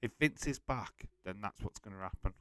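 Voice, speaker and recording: Hosting a live wrestling watch-along, this man speaks at a normal speed in a lowish, somewhat bright voice with no room sound. He's blunt and casual, swears freely, says hello to viewers, and reads their comments aloud.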